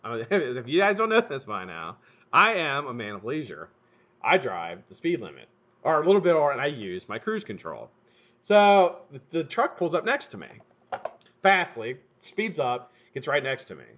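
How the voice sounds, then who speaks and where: A middle-aged man hosting a live stream, telling a profane, animated story while he works. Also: medium pitch, moderate pace. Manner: animated, profane, laughs at his own story. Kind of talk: casual storytelling while building coils. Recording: dull lo-fi stream audio.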